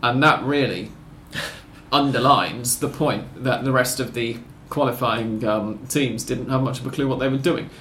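A man's voice: mid-range voice, normal speed, a bit bright, echoey room, slight background noise. A man hosting a casual football podcast, talking in long rambling sentences with wry self-corrections. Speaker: podcast host.

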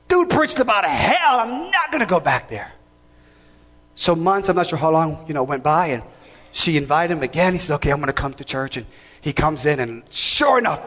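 High-voiced man preaching in a hall. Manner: emphatic, shouting call-and-response preaching. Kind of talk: sermon. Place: church sanctuary. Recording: long reverb of a large hall.

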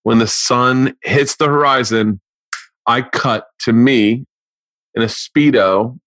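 A comedian in his forties hosts a casual podcast chat, swearing freely as he spins animated stories. His voice sits at an ordinary middle pitch. The sound is close and dry, with no room around it. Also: takes it slowly, dry recording. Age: 40s. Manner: profane, animated storyteller.

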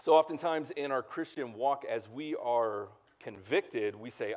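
A man preaching a sermon as pastor in a relaxed, conversational way, full of fillers and asides to the congregation. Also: mid-range voice, measured pace. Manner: casual and chatty, lots of "like" and "right?".

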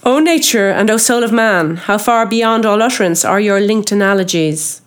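A woman's voice: medium pitch, expressive, moderate pace, clean tone, close to an everyday voice. A woman voicing a brooding, obsessed old sea captain in an audiobook reading, declaiming solemn old-fashioned speech. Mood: elated.

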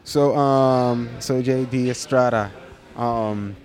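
A man hosting a podcast interview in a coffee shop, laughing often and halting with fillers. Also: medium pitch, fairly even intonation, a little mellow. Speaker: podcast host. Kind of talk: casual interview chat.

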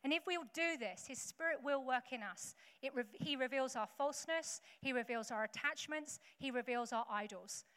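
A woman's voice: on the high side, fairly bright tone. A woman preacher giving a sermon in a conversational way, with humorous asides to the congregation. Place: church hall with congregation. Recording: echoey hall with faint background noise.

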